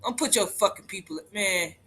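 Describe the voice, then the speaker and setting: A man's voice: high-pitched, normal speed, pushed and bright. A man on a livestream, delivering an impassioned rant, profane and emphatic, repeating lines for force.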